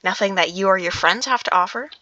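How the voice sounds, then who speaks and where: A woman's voice: mid-range voice, fast talker, pushed and bright, no echo, natural voice. A woman reading the lines of a proud, wrathful male dwarf king, heated and stumbling over words, with a dull lo-fi sound.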